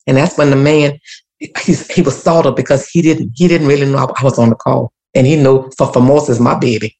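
Her voice is extremely low, gravelly and darkish, at normal speed, as this community activist guest gives an emotional, repetitive testimony rooted in church. She tells a personal story and speaks of prayer.

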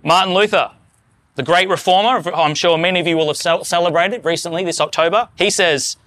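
Guy preaching a sermon, pretty high voice, earnest and getting fired up, dry sound. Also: fairly quick, a bit bright, dry recording. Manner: earnest, rising to fervent emphasis on quotes. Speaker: pastor.

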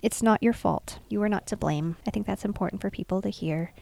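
A woman's voice: mid-range voice, fairly quick, vocal fry, dark tone, no room sound, soft background music. A woman hosting a casual chat, reading out book notes in an earnest, reflective way.

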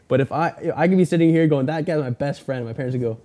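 Young man, podcast host, rambling story, quick delivery, mellow dark tone. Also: fairly high pitch. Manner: rambling storyteller, acts out quotes. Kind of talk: casual chat.

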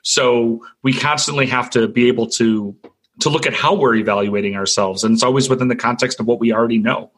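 A man's voice: medium pitch, steady tone, fairly quick, fairly bright tone, a little hiss or hum. A man on a casual panel chat, reflecting and telling an anecdote with frequent restarts.

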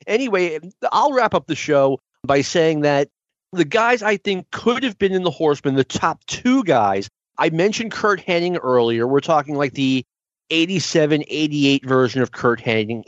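A man hosting a podcast in a chatty, rambling storytelling way, his voice a bit hoarse from losing it. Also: fairly high pitch, no room sound, lo-fi sound. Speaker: podcast host. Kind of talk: casual podcast chat.

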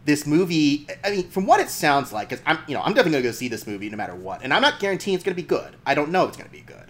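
A man's voice: fairly high pitch, big pitch swings, very fast, a bit bright. A man co-hosting a casual podcast chat about movies, thinking aloud with lots of fillers. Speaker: podcast co-host.

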